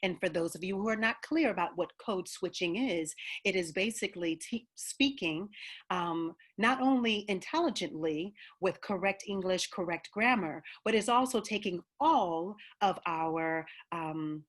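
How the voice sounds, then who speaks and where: A woman's voice: lowish voice, expressive, unhurried. A woman with a slight country twang, an opera singer speaking as a panel guest over a video call in an earnest, emphatic, direct way. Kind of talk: heartfelt personal statement.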